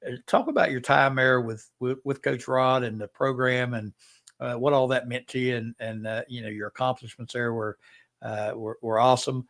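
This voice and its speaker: A man hosting an interview, asking a long question with halting, filler-heavy phrasing. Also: mid-range voice, steady tone, a bit bright. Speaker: host.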